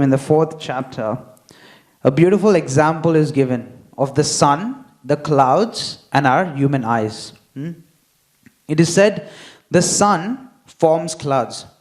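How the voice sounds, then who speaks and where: A man with a slightly high voice delivers a devotional class at an easy, unhurried pace. He checks in with the listeners again and again and acts out the voices in the stories he tells. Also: a little mellow. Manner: unhurried, frequent "hmm?" check-ins, acts out quotes. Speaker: temple speaker.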